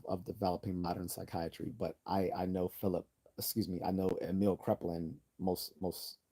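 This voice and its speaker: A man hosts a casual livestream in a low, mellow voice. He rambles, restarts his sentences and corrects himself as he goes. He reads out viewer comments and answers them. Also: creaky, slightly rough. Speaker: livestream host.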